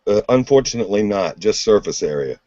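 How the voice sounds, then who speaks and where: A man's voice: fairly low pitch, lively intonation, fairly quick, warm tone, no room sound. A man joining a casual livestream chat as a guest, joking and self-mocking. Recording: dry lo-fi stream audio.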